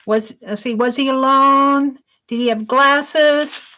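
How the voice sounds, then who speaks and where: Woman, livestream host, high bright voice, unhurried, reads viewer questions aloud and praises them. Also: fairly even intonation.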